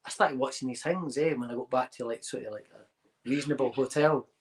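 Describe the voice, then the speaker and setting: A man's voice: medium pitch, a little fast, breathy edge. A man telling a long, sweary anecdote in casual chat, acting out the people in it. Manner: swearing, animated anecdote-telling with acted quotes. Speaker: podcast host.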